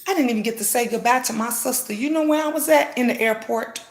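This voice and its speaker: A woman's voice: fairly high pitch, quick pace. A middle-aged woman vlogger giving an emotional, impassioned monologue to her viewers, repeating phrases and swearing bluntly. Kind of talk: heartfelt preachy monologue to viewers. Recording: roomy echo.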